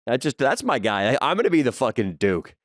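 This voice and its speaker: A young man co-hosting a podcast, telling crude, animated stories in casual chat. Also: mid-range voice, brisk, dry recording, studio quality. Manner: animated storyteller, crude jokes. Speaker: podcast co-host.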